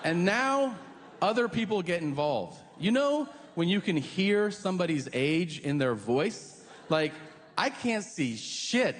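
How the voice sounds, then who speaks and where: A man doing stand-up storytelling, profane and animated, slipping into voices for quotes, on a theater stage mic. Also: sits high. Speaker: stand-up comedian. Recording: roomy live theater with audience ambience.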